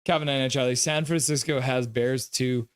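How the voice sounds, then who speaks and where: Calling hockey action live, a young streamer keeps things jokey and conversational, stopping to read chat comments aloud. His mid-range voice is clear and resonant, moving at a moderate pace with fairly even intonation, and the recording is dry.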